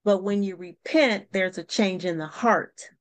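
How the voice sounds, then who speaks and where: A woman's voice: mid-range voice, unhurried. Host: a woman in a mid-range voice, affirming and teacherly, faith-talk interviewer. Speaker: podcast host.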